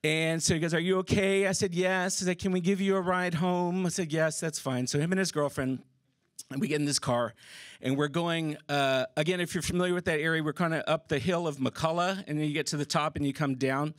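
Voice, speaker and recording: High-voiced man telling a story on stage. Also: a little fast, no room sound. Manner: animated, casual, swears, laughs through the story. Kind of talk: live personal storytelling. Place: theater stage before a live audience. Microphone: stage microphone.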